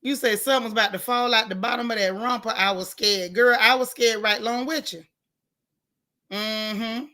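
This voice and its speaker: A woman hosting a casual live stream, reading viewer comments and giving outspoken, animated reactions in colloquial talk. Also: a little high, moderate pace. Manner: outspoken, animated, colloquial, talks back to the chat.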